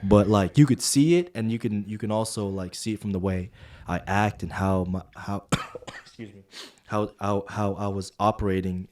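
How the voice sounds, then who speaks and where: A man's voice: lowish voice, normal speed. A young adult man co-hosting a podcast, telling a story in casual chat and acting out the dialogue with lots of filler words. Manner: animated, acts out quoted dialogue with filler words. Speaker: podcast co-host.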